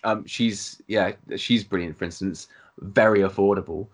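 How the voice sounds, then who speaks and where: A man's voice: low voice, steady tone, moderate pace. A man hosting a casual podcast chat, stammering and restarting often as he talks.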